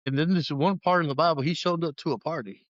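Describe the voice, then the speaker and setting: A man's voice: fairly high pitch, fast talker, dry recording, lo-fi sound. A man as a podcast guest, earnestly telling a personal story in a rambling way full of restarts.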